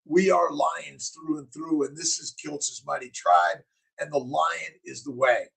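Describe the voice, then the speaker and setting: Gravelly, husky man preaching to his chat. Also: fairly high pitch, unhurried, fairly bright tone, poor audio. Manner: preachy, punchy slogans, reads and answers chat comments. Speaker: physician hosting a morning livestream. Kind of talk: casual motivational livestream chat.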